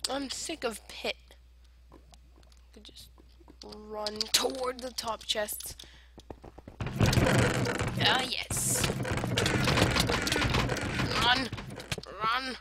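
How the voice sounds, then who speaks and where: Slow, rambling woman gamer in noisy recording. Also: on the high side. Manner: rambling, silly self-talk, argues with herself; jumps between whispered asides and loud outbursts. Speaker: gamer playing online survival matches. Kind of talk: casual gameplay commentary. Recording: noisy home recording with clicks.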